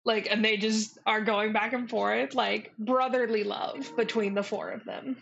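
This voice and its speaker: A woman's voice: fairly high pitch, fairly even intonation, unhurried, gravelly, a bit bright, lo-fi sound, faint music behind. A woman as dungeon master, narrating a tabletop game in a playful way with frequent laughter. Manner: playful, laughs often, hesitant fillers.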